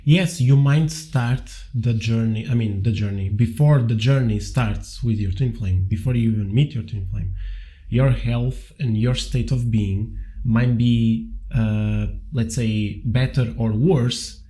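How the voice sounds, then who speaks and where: A man co-hosting a casual spiritual talk, speaking haltingly with restarts. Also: medium pitch, dark tone. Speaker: co-host.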